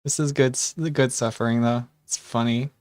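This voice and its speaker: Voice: mid-range voice, fairly even intonation, normal speed, darkish tone, no room sound, clean studio sound. A co-streamer chatting casually on a livestream, giggly and self-mocking.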